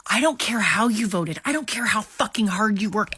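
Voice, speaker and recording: A woman's voice: medium pitch, lively intonation, pushed and bright, husky. A woman lecturing her viewers in a scolding, profane social media rant. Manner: scolding, profane, slow and deliberate. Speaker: vlogger.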